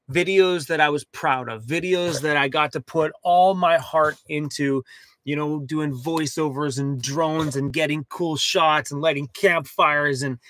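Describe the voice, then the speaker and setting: Young male vlogger, upbeat and talkative, fairly high pitch, dry close recording. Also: dry recording. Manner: chatty, animated, talks to his dog. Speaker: van life vlogger. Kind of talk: casual livestream chat. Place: inside a cargo van.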